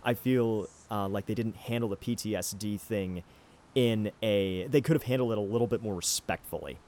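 Speaking at normal speed with a lowish, somewhat dark voice, this man hosts a podcast of casual anime discussion. He rambles through his opinions, often saying um and starting over.

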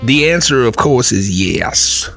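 A man doing a pompous old-timey Southern-gentleman detective, stretching each grand, flowery phrase. The delivery is slow and mock-formal, and faint music plays underneath. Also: medium pitch, sing-song, vocal fry, heavily acted. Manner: drawn-out, florid, mock-formal. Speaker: podcast co-host.

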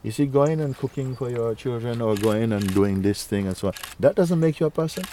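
A male spiritual teacher speaking to a listener in a gentle, playful way, laughing often and using nonstandard English grammar. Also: medium pitch, a little fast, a little hiss or hum. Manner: gentle, playful, laughs often, repeats "you see" and "huh".

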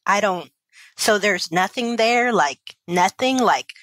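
A woman's voice: medium pitch, expressive, slow, fairly bright tone, dry recording. A woman in her thirties, a kindergarten teacher telling her personal story as an interview guest, candid and emotional, with many fillers and restarts. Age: 30s.

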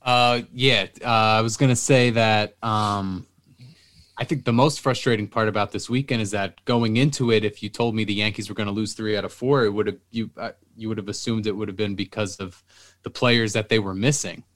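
A man's voice: lowish voice, steady tone, brisk, fairly bright tone. A man co-hosting a sports podcast, speaking hesitantly with fillers. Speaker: podcast co-host. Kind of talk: casual sports talk.

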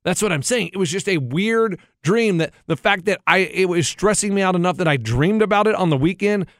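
Male podcast co-host, casual rambling storyteller, voice a bit high, dry studio sound. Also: animated, fairly quick, no room sound. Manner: rambling storyteller, acts out others' lines. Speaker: radio show co-host. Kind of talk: casual chat.

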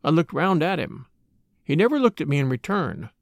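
A man narrating a classic novel in the first person, with expressive, measured storytelling. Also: on the high side, vocal fry, no room sound, studio quality. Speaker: audiobook narrator.

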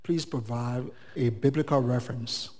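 Measured man asking from the audience. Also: medium pitch, fairly even intonation, darkish tone, big-room sound. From Indianapolis. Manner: formal, measured questioning. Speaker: audience member asking a question. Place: large hall, audience mic.

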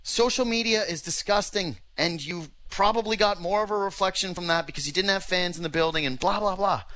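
A man's voice: high-pitched, brisk, sharp tone. A man hosting a sports radio podcast, talking casually and ranting in exasperation, with the odd swear.

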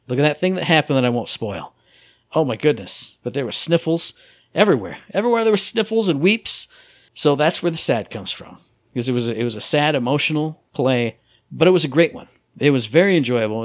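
Animated man telling stories. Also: medium pitch, dry recording, studio quality. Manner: animated storyteller, acts out his own inner voice. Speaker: podcast co-host. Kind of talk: casual chat.

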